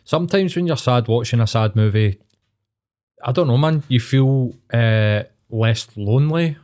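A man's voice: mid-range voice, a little slow, darkish tone. A man with a Glaswegian Scottish accent, co-hosting a podcast in casual chat, supportive and matey, leaning on fillers like "do you know what I mean". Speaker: podcast co-host.

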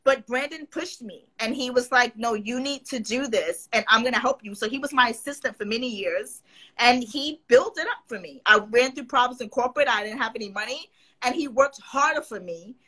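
A woman's voice: a little high, brisk, breathy edge, rough recording. A woman guest in a casual interview, telling stories animatedly and acting out what others said. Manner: animated, quotes others in put-on voices.

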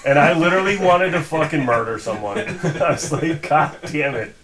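A man's voice: fairly high pitch, normal speed, crowd noise, poor audio. A man co-hosting a casual podcast, telling a long story in a profane, exasperated way and acting out the people in it. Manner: animated retelling with quoted voices. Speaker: podcast co-host.

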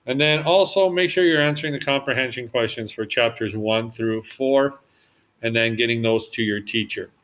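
A man's voice: mid-range voice, normal speed, a bit bright. A male teacher casually guiding students through a class reading and assignments. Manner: casual, encouraging instruction. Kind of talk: online class read-along.

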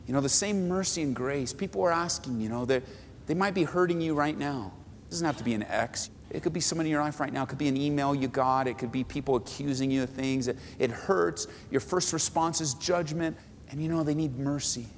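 A man preaching a sermon as pastor, animated and dramatic, acting out prayers with big swings in pitch and loudness. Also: fairly quick, in a large hall, slight background noise.

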